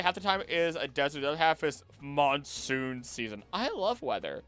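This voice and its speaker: A man chatting casually on a live gaming stream, jokey and animated, talking to the creatures on screen. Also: on the high side, normal speed, hardly any pauses, clean tone, soft background music. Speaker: streamer and voice actor.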